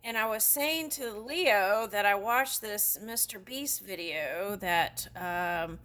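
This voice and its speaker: A woman's voice: mid-range voice, takes it slowly, a bit bright. A woman giving a casual spiritual card reading, reading passages aloud and chatting about them with frequent little asides. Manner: chatty, reads aloud then comments, giggly asides. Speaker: tarot reader.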